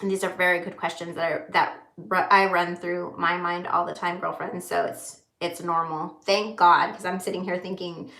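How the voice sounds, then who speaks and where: Gravelly-voiced woman rambling on a livestream. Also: on the low side, flat delivery, bright, forceful tone, reverberant. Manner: rambling, candid, pauses to read comments. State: holding back tears. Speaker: vlogger livestreaming to viewers. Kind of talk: casual livestream chat.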